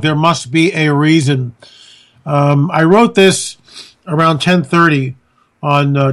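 A man hosting a radio show, talking casually and animatedly, restarting his sentences as he goes. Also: on the high side. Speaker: radio host.

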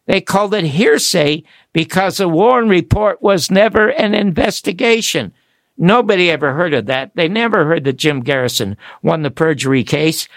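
An older man, an author and radio talk show guest, telling animated stories and acting out the people he quotes. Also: a little high, dry recording. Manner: excitable, quotes people in acted voices.

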